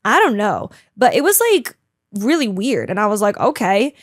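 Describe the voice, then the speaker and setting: A chatty, dramatic young woman telling a casual vlog story, full of "like" and quick asides. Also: medium pitch, very animated, no echo, clean studio sound. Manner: chatty and bubbly, heavy use of "like", dramatic; talks a lot, emotional. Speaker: vlogger.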